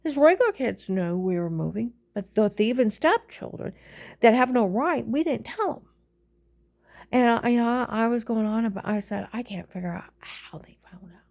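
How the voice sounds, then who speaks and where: A woman in a casual rant, retelling a quarrel in a rambling, agitated way and sometimes dropping to a hushed whisper. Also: a little high, expressive, normal speed, creaky.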